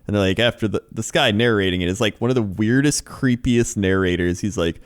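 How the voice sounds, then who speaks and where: A man's voice: fairly low pitch, a little fast, smooth. A man co-hosting a podcast, telling a story in casual chat, mimicking voices and laughing often. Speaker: podcast co-host.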